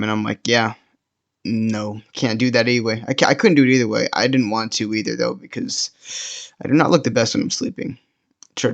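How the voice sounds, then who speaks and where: A teenage boy telling a personal story in a casual, rambling way, full of fillers and restarts. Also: mid-range voice. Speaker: storytime vlogger.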